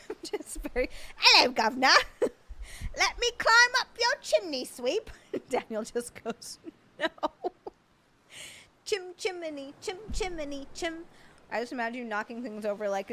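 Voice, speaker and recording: A woman's voice: mid-range voice, fairly bright tone. A young woman live streamer chatting casually with her viewers from home, playful and blunt, often laughing. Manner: blunt and playful with crude jokes. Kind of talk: casual livestream chat answering viewers.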